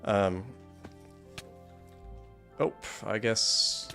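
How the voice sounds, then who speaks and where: A man's voice: on the low side, steady tone, normal speed, faint music behind. A man giving casual, wry gameplay commentary, rambling and often laughing. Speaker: gaming YouTuber.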